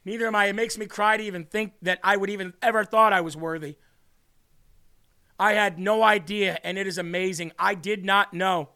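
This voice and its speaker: A man's voice: high voice, steady tone, moderate pace, sharp tone, clear, resonant tone. A man hosting a faith podcast, reading viewer comments aloud in an earnest, emotional way and tearing up. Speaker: podcast host.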